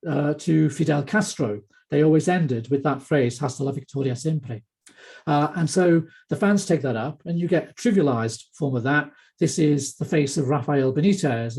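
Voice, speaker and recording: Mellow, husky male lecturer. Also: on the high side. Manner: hesitant, many fillers and restarts. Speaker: academic lecturer. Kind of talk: online academic lecture. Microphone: computer mic on a video call.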